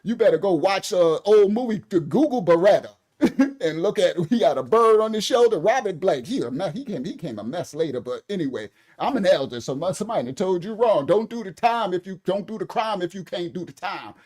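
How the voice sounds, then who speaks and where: A middle-aged man doing casual commentary for online viewers, animated and preachy, laughing often, talking straight to his commenters. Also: high-pitched, fairly quick.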